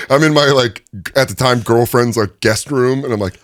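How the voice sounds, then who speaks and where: A man's voice: mid-range voice, normal speed, no room sound, studio quality. A man who is a stand-up comedian, telling stories in a casual interview with lots of laughter and energy. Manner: animated, laughing storyteller. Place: recording studio.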